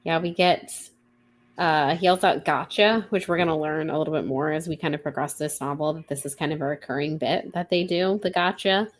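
A woman's voice: sits low, steady tone, fairly quick. Chatty woman retelling a novel. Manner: chatty, lots of "like" and quoted dialogue. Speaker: podcast co-host. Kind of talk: casual book-club chat, retelling a novel.

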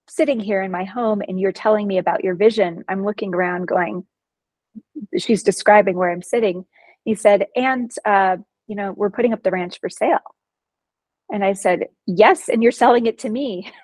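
A woman, a psychologist guest in a casual interview, telling personal stories in an expressive, vivid way. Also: medium pitch, no room sound, rough recording.

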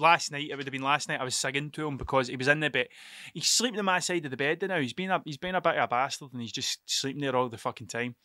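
A young man hosts a solo podcast, telling stories in a rambling, sweary way and constantly interrupting himself. His mid-range voice is bright with a forceful tone. The audio is studio quality and free of echo.

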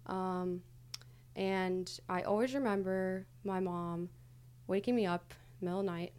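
In a casual conversational interview, a young woman on a podcast talks openly about her past, hesitating often and using lots of fillers. She speaks on the low side at a measured pace, with a steady, slightly mellow, smooth tone.

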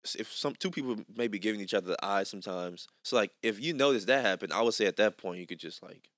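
Laid-back young man with a low voice. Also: fast talker, a bit bright, no room sound, studio quality. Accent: Louisiana. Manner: laid-back, joking, lots of fillers. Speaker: podcast host. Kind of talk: casual chat.

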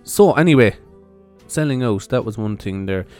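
A man's voice: on the low side, animated, moderate pace, darkish tone. A young man, a comedian, hosting his own podcast in a rambling, laid-back style, swearing freely and laughing at his own jokes. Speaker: podcast host. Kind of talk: casual solo podcast chat. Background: faint music and church bells.

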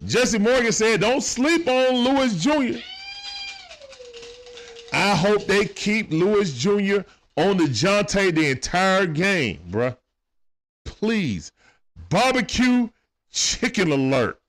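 A man's voice: high voice, animated, slow pace, a bit bright. A man doing casual play-by-play commentary on a live stream. He talks in slang, greets viewers by name, and speaks into a phone.

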